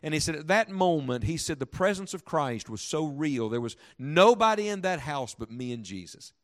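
Man, pastor, sermon, fairly high voice, dramatic hushed-to-loud delivery, slow emphatic scripture reading. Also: expressive. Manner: dramatic storytelling with big swings from hushed to loud; reads scripture slowly with heavy emphasis. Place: church sanctuary before a congregation.

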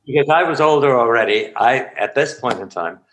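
A man who works as an actor and acting teacher, reminiscing in an interview as an animated storyteller with frequent restarts and asides. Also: medium pitch, a little fast, poor audio.

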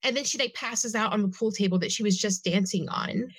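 A woman's voice: mid-range voice, brisk, breathy edge, no echo. A woman casually retelling a movie plot, chatty and acting out the characters' lines. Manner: chatty storyteller, acts out lines. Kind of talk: casual chat recapping a movie.

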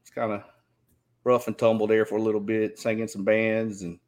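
A man's voice: fairly low pitch, little pitch movement, normal speed, darkish tone. A man, rambling casually as a podcast guest and filling his talk with "you know". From Southeast Georgia. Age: 50s. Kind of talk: casual chat.

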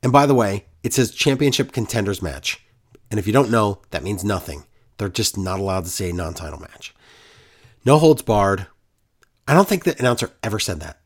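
A man's voice: fairly low pitch, big pitch swings, moderate pace. A man co-hosting a casual wrestling recap podcast, ranting in a sarcastic, exasperated way.

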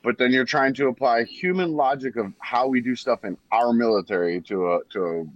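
A man's voice: medium pitch, fairly quick, no echo, dull audio. A man co-hosting a podcast, arguing points and telling stories in casual chat. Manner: argumentative, animated storyteller. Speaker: podcast co-host.

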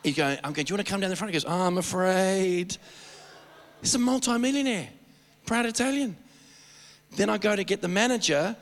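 Male preacher, high bright voice, animated storytelling sermon, echoing church hall. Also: fast. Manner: animated, rambling with restarts.

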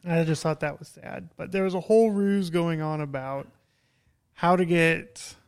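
A man co-hosting a podcast, talking in a relaxed, wry way as he walks through a plot. His voice is smooth and clear, and it sits a little high for a man. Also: normal speed. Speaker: podcast co-host. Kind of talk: casual chat recapping a movie.

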